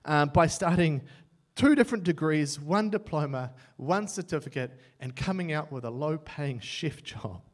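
A young New Zealand man preaches a sermon built around his own story, poking fun at himself as he goes. His voice sits on the high side, animated and at normal speed, swinging between loud and hushed as he voices his thoughts.

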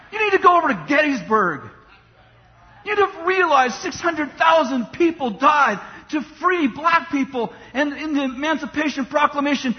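High-pitched impassioned male preacher in a hall. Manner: impassioned preaching, mocking voices for complainers. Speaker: pastor. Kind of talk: sermon. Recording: dull sound in a long-reverb hall.

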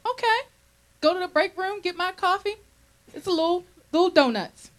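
A woman's voice: very high-pitched, normal speed, low-quality recording. A woman minister leading a Bible study, preaching conversationally and often checking in with her listeners.

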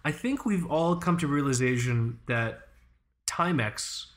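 A man's voice: medium pitch, lively intonation, unhurried. A man hosting a casual watch podcast, rambling and cursing, with a lot of "like" and "you know.". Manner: rambling and swearing, heavy use of "like" and "you know". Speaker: podcast host and Soviet watch expert.

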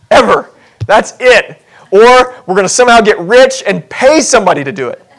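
A male pastor with a high voice delivers a lively sermon in a church. He talks with humor and jumps into quick acted scenes to make his point. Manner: animated, acts out voices in scenarios, self-deprecating humor.

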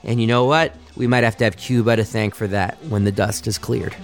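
A man's voice: on the low side, fairly even intonation, fairly quick. A man hosting a sports podcast, delivering passionate, argumentative commentary.

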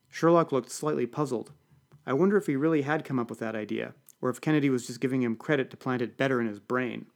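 A man's voice: medium pitch, quick pace. A man giving a dry, wry first-person audiobook narration.

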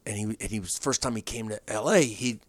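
A middle-aged man, a comedian and comedy writer, telling stories in a casual chat with quick bursts and restarts. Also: lowish voice, dry recording.

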